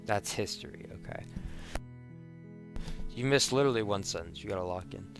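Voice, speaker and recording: A man's voice: lowish voice, normal speed. A man streaming a video game, chatting casually and joking with a friend as he plays. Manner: relaxed, joking, reads game text aloud. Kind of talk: casual let's-play chat. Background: game music.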